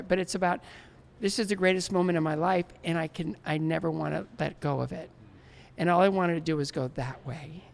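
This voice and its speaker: Brief: man, 60s, gravelly voice, lively interview storyteller who acts out the dialogue. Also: fairly high pitch. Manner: animated, laughs often, acts out remembered dialogue. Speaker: guest, former Olympic figure skater.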